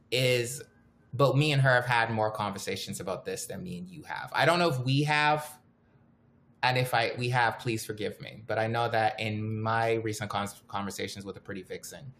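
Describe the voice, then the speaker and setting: A man's voice: fairly low pitch, fairly bright tone, slight background noise. A man co-hosting a podcast, talking casually and animatedly, joking and laughing easily. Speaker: podcast co-host. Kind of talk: casual chat.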